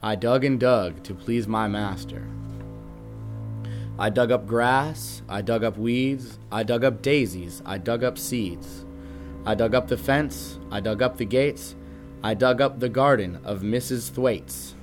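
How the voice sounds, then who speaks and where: A young man reading a rhyming children's picture book aloud at a steady, rhythmic pace. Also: medium pitch, measured pace, faint music behind. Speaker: guest reader, band musician.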